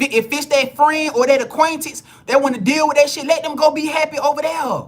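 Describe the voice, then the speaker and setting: A man giving a live spiritual reading to viewers, blunt and preachy, swearing freely and repeating himself as he builds emphasis. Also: very high-pitched. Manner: repeats words and restarts phrases when heated. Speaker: spiritual reader.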